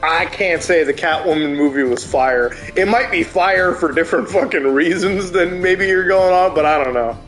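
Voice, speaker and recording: A man's voice: on the high side, normal speed, few pauses, faint music behind. A man streaming a game, chatting casually and ranting with plenty of swearing. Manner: profane, animated ranting. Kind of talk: casual chat while gaming.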